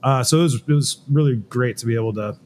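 A man's voice: medium pitch, quick pace, a little mellow, slight background noise. A man in a casual interview, talking about making a record in a laid-back, rambling way and laughing easily. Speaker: band member, producer.

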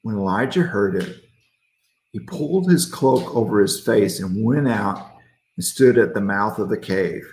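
A man's voice: on the low side, expressive, unhurried, a little mellow, roomy sound. A middle-aged man giving a casual midweek devotional as a pastor, joking in a folksy way and reading out viewer comments.

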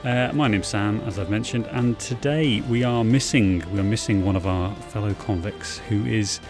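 A man's voice: on the low side, normal speed, over music. A man co-hosting a casual movie podcast, joking and teasing his co-host and laughing often. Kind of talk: casual chat.

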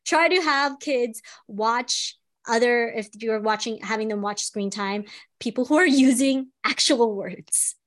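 A woman, a speech-language pathologist and mother, explains child language tips in a casual podcast chat, pausing often with "um". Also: on the high side, a bit bright. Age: adult, a parent. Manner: explanatory, with frequent "um" pauses.

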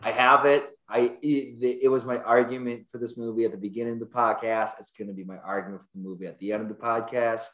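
A man's voice: mid-range voice, fairly even intonation, quick pace, hardly any pauses, a bit bright. Joking man with a roomy echo. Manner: joking, swears, playful. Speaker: podcast co-host. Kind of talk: casual movie chat.

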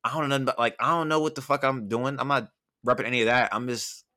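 A young man from Southern California hosting a casual podcast chat, telling stories in a loose, profane, animated way. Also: medium pitch, fast.

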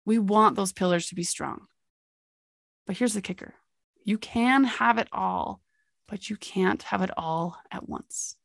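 A woman's voice: mid-range voice, a little slow, vocal fry, no room sound, clean studio sound. A young adult woman hosting a motivational podcast, telling a story with energy and laughing at herself. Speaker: podcast host.

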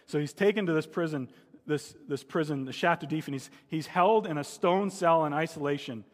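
A man's voice: a little high, a little fast, long reverb tail. A male pastor preaching a sermon and telling a story, his voice climbing into dramatic cries when he voices the pleas of the people in it.

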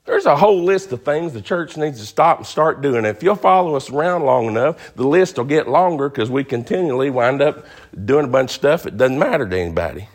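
A man's voice: medium pitch, lively intonation, brisk. A male pastor preaching a sermon in a folksy, emphatic way, repeating phrases for stress.

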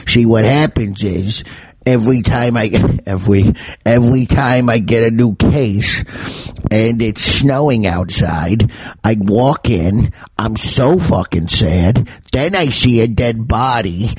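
A man putting on a gloomy male detective in a trench coat, in a slow mopey drawl, recorded in his bedroom. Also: fairly low pitch, expressive, husky, no room sound, exaggerated voice, low-quality recording. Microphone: podcast mic while pacing.

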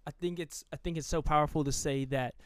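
A man's voice: fairly high pitch, steady tone, quick pace, clear, resonant tone, no room sound. A man co-hosting a casual faith podcast, chiming in eagerly and affirming his partner.

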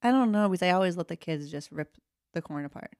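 A woman in her thirties co-hosting a podcast, chatting fast and poking fun at herself. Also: lowish voice, animated, a little mellow, no room sound, clean studio sound. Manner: chatty, fast, self-mocking. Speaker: podcast co-host. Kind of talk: casual chat.

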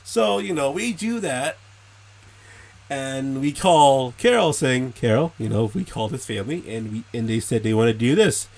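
A young man casually telling a story and acting out quoted voices, animated and swearing. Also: mid-range voice, normal speed, gravelly. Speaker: host answering questions.

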